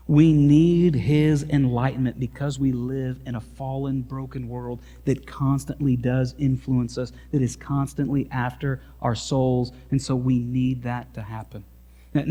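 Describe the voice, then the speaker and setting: A man's voice: medium pitch, a little slow. Missouri-accented man preaching in a reverberant church. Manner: earnest preaching, turning lively and emphatic in asides. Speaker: pastor. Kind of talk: sermon. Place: church sanctuary.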